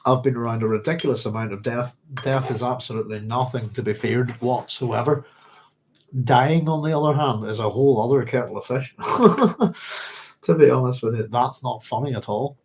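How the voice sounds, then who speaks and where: This man hosts a book club stream, reading passages aloud and rambling between them in a chatty, casual way with frequent chuckles. His voice sits in the mid-range, a little mellow, and moves at a moderate pace.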